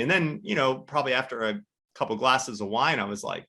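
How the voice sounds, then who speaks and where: A man's voice: mid-range voice, expressive, fairly quick, sharp tone, husky. A man hosting an interview, talking in a reflective, conversational way with many casual fillers. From United States. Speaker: podcast host.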